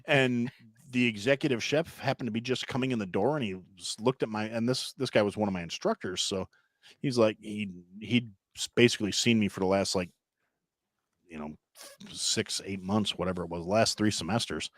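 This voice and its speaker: A man's voice: lowish voice, a little fast, dry recording, studio quality. A man in his thirties, a chef and podcast guest, telling profane, self-mocking stories in casual chat with frequent restarts. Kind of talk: casual storytelling.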